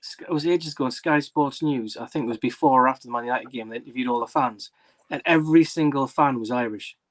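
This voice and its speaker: A man with a Geordie accent chatting on a live stream, jokey and quick to tease. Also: mid-range voice. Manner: rapid, jokey, slips into mock voices. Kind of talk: casual chat.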